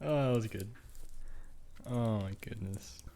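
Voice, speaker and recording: A man's voice: fairly low pitch, slow, gravelly, warm tone, a little hiss or hum. A man running a tabletop game, chatting casually on a podcast, joking around and repeating his words. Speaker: game master.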